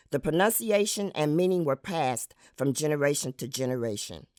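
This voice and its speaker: A woman who was a school administrator reads aloud from her book in a measured, deliberate way, demonstrating pronunciations. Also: low-pitched, a little mellow, no echo, studio quality. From United States. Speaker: author and former school administrator.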